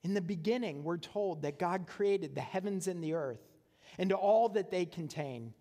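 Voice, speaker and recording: A male pastor preaches conversationally in a church sanctuary, often checking in with the congregation with "right?". His high voice is animated and mellow at a normal speed, echoing in a large hall.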